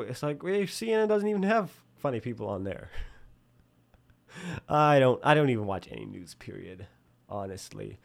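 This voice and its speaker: A young man talking casually to camera in a self-deprecating, rambling way, with lots of fillers and swearing, jumping high in pitch to mock other voices. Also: big pitch swings, a little slow, creaky, long pauses, no echo. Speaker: vlogger.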